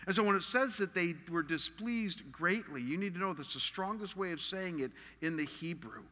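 A man's voice: high voice, lively intonation, normal speed, sharp tone, long reverb tail. A man preaching a sermon as a pastor, earnest and emphatic in a conversational way.

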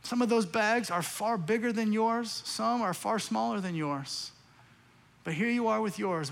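A man's voice: sits high, measured pace, vocal fry, long reverb tail. A man preaching a sermon as pastor, earnest and pleading, often repeating phrases.

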